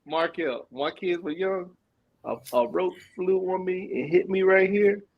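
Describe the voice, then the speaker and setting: A man co-hosting a casual podcast chat, telling animated stories, repeating himself and laughing often. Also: sits high, a little slow, muffled recording, crowd noise. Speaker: podcast co-host.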